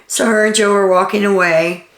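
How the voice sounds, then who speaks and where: A woman's voice: medium pitch, fairly even intonation, moderate pace. A woman recapping a reality TV episode in casual, chatty storytelling, with an occasional "um" as she relays quotes. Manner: chatty storytelling, reads out quotes with filler ums. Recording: echoey room.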